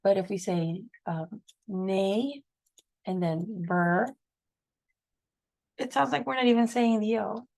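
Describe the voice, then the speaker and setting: A woman's voice: mid-range voice, slow pace, creaky, pauses often, darkish tone, no echo, poor audio. A woman teaching a phonics lesson, patiently sounding out words and spelling them letter by letter.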